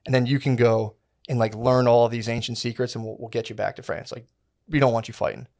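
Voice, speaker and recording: A man of middle pitch co-hosts a podcast, telling a story in loose, slangy chat. He swears freely and drops into little voices for the people he describes. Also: little pitch movement, fast, darkish tone. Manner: rambling, slangy, profane, acts out quotes. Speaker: podcast co-host.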